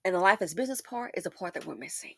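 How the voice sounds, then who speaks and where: A woman host giving impassioned social commentary, swinging between loud emphasis and hushed asides. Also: on the low side, expressive, rapid-fire, gravelly, no echo.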